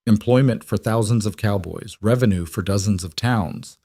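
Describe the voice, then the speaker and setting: A man voicing a smooth federal marshal from the East with an Eastern accent, speaking in a neutral, professional tone. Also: fairly low pitch, moderate pace, dark tone, dry recording, clean studio sound. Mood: cool. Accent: Eastern American.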